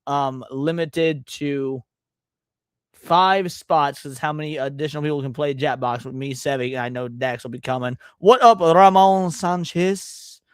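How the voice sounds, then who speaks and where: A man's voice: mid-range voice, fairly even intonation, moderate pace, clear, resonant tone, dry recording, studio quality. A man hosting a casual gaming livestream, talking loosely and tripping over his words. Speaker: stream host.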